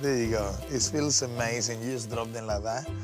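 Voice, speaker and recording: A man's voice: mid-range voice, moderate pace, over music. A man hosting a cooking segment on TV, chatting playfully with a guest and laughing often. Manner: teasing, laughs often, animated. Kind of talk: playful on-air chat while cooking.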